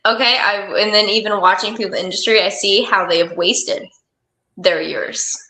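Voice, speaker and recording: A woman in her late twenties co-hosting a podcast, talking in an emphatic, self-assured way with animated bursts. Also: mid-range voice, moderate pace. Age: late 20s. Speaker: podcast co-host. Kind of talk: casual podcast chat. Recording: roomy echo.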